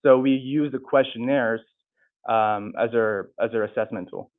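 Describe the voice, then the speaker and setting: Halting young man in Q&A, tinny. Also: medium pitch. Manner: halting, restarts and corrects himself. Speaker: student presenter answering questions. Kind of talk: unscripted Q&A answers. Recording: tinny, phone-like sound.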